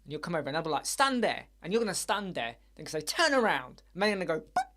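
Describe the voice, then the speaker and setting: A man hosting a live Q&A chat show, rambling and animated, with many fillers. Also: on the high side, rapid-fire. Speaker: host. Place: dark room with soundproof panels.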